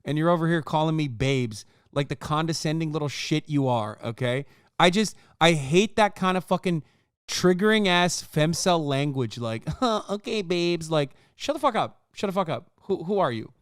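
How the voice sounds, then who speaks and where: A man's voice: on the high side, animated, normal speed, smooth, dry recording, clean studio sound. Sarcastic ranting man in his thirties. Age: 30s. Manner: profane, sarcastic, exasperated ranting. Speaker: streamer reacting to a video. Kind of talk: reaction commentary.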